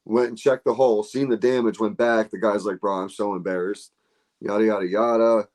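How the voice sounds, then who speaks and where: A man with a lowish voice tells golf stories on a casual podcast. He talks with animated energy and swears freely, acting out what other people said. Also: a little fast. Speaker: podcast host. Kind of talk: casual chat.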